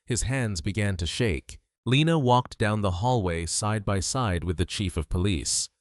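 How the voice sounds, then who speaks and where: Low-voiced male story narrator. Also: animated, measured pace, dry recording, clean studio sound. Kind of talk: scripted dramatic story narration.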